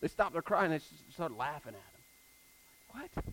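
A man preaching a conversational sermon, moving between hushed scripture reading and emphatic retelling. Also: a little high, big pitch swings, a little slow, slight background noise, poor audio. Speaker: pastor.

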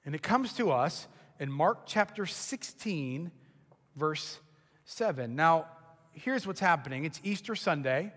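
A man preaching a sermon, telling the story dramatically and acting out the voices, building to shouts. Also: a little high, expressive, measured pace, long reverb tail. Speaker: pastor.

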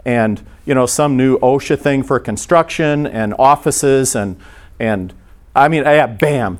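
Man, middle-aged, pastor, conversational sermon, halting restarts, mid-pitched voice. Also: darkish tone. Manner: conversational storytelling, frequent restarts.

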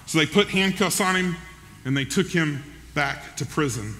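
A man's voice: on the high side, lively intonation, moderate pace, sharp tone. A man preaching a sermon, telling a story in a folksy, conversational way and checking in with listeners, heard in a large hall. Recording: long reverb in a large hall.

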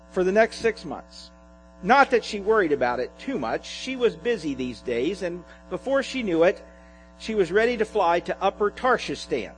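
Animated male pastor telling a story. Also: high voice, poor audio. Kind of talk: sermon with a read-aloud humorous sketch.

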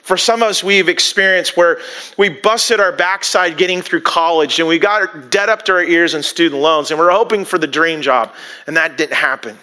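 A man's voice: fairly high pitch, normal speed, pushed and bright, clear, resonant tone. A man preaching a sermon, talking conversationally and acting out little asides, with frequent restarts. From United States. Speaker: pastor.

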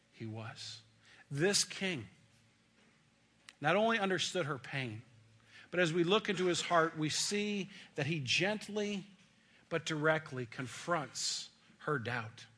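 A man's voice: on the high side, bright, forceful tone. A middle-aged male pastor preaching a sermon in a folksy, joking, conversational way.

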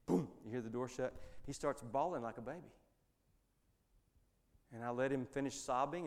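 A man delivers a sermon in an easygoing, folksy way and wanders through his story. His voice sits at an ordinary middle pitch. It rings with long reverb, as if it was recorded in a large church hall. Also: moderate pace, long pauses, a little mellow. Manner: folksy, rambling, with many restarts. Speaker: preacher.

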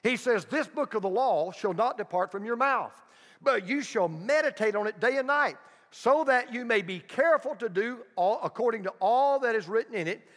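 A man preaching a sermon, emphatic, repeating key phrases and dropping very soft for emphasis. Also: very high voice, animated, normal speed, big-room sound. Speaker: pastor.

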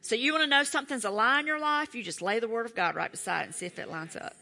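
A middle-aged woman preaching a sermon, emphatic and animated, with playful asides to her listeners. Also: fairly high pitch, quick pace, creaky.

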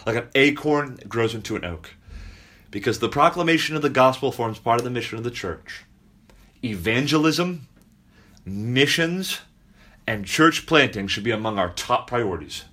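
A man, a pastor, preaching a sermon to his congregation, repeating key phrases slowly for emphasis and stopping to speak directly to the children. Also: mid-range voice, a bit bright.

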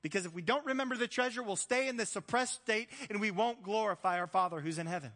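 A man preaching a sermon as pastor in a relaxed, conversational way, mixing in jokes and acted-out quotes. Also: sits high, fast, in a large hall. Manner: conversational, joking, acts out quoted voices.

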